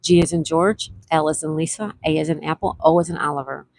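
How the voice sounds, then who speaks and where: A woman with a deep, dark-toned voice runs a casual livestream, talking fast and steadily while she chats with viewers, reads their comments aloud and spells out game letters. There is slight background noise.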